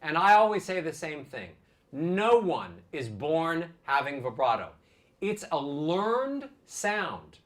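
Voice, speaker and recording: A man's voice: a little high, big pitch swings, slow pace. A male vocal coach leading a singing lesson, encouraging and demonstrating vibrato on sung syllables.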